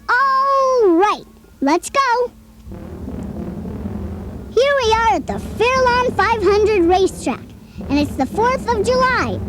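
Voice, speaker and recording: On a children's play-along tape, a heavily acted, chirpy little boy toy companion speaks in a very high, bouncy voice. He goes slowly and carefully, coaxing the listener with friendly questions. Soft music plays faintly beneath, with some background noise.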